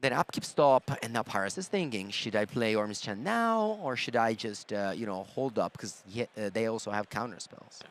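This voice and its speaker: A man's voice: lowish voice, lively intonation, normal speed, few pauses, a little hiss or hum. Analytical male card-game commentator. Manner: analytical, thinks aloud with fillers. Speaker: color commentator.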